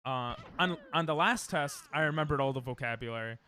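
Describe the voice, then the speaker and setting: A young man chatting casually and excitably while he streams a speedrun, joking and breaking into laughter. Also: mid-range voice, brisk, a little hiss or hum. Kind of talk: casual gaming stream chat.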